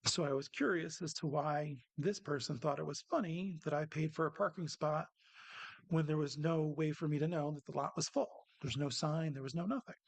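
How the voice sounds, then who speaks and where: Man, gravelly and husky, earnest personal reflection at a worship service, dry close sound. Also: a little high, moderate pace, no room sound. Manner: earnest, personal, self-deprecating. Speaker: lay speaker giving a reflection.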